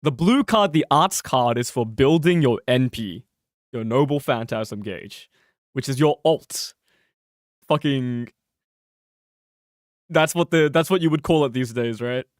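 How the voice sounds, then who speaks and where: A young man giving casual, swearing, joking commentary while streaming a game, his mic close and peaking loud. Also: mid-range voice, a little slow, pauses often, dry recording. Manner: animated, swearing, laughing, joking.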